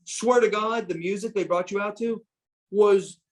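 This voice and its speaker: Animated, profane storyteller man in his fifties. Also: high voice, moderate pace, poor audio. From United States. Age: 50s. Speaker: guest, former pro wrestler. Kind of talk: storytelling in a podcast interview.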